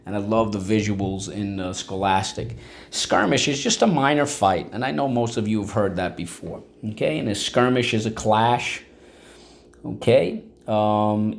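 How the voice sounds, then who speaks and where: A male teacher leads a vocabulary and phonics lesson in a creaky, mid-range voice. He's encouraging and checks in with the class often, frequently asking "okay?"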